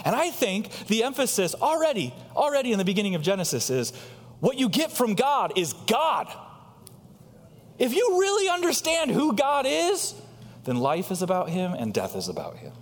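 A man preaching a sermon as pastor, asking rhetorical questions and swinging between loud high emphasis and quiet low asides. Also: wildly swooping pitch, moderate pace, long reverb tail.

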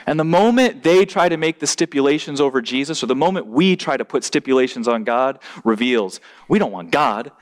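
A man's voice: expressive, brisk, few pauses. A man preaching a sermon, emphatic, often repeating words as he restarts. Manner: emphatic, rising in pitch and volume at points.

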